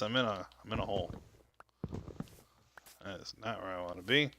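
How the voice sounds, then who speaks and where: A man's voice: lowish voice, normal speed, background noise. A man giving casual gameplay commentary, rambling and exclaiming as he talks to himself. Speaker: show host.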